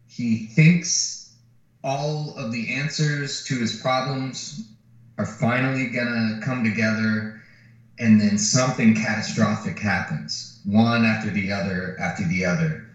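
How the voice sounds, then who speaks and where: Animated man retelling a film, echoey room. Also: fairly low pitch, a little slow. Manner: animated retelling of a film plot, swearing freely, acting out quotes. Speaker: podcast co-host. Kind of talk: casual chat. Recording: far from the mic in a very echoey room, dull sound.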